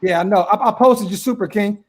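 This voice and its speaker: A man hosting a casual sports chat and reading viewer comments, talking in a relaxed, slangy way. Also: sits high, fairly quick. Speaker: host.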